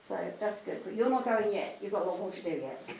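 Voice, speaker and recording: Woman medium doing readings in a church hall, calls folks darling, mid pitch, echoey and off mic. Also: lively intonation, brisk, creaky. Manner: tender, calls people darling and sweetheart, laughs often. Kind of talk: live mediumship demonstration. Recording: echoey hall, distant mic, faint noise.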